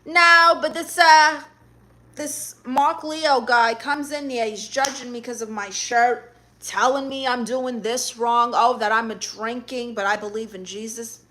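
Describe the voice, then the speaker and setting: A woman's voice: a little high, steady tone, unhurried, sharp tone. A woman hosting a casual livestream, reading viewer comments aloud and answering them in a sassy way that keeps calling people honey. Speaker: livestream host.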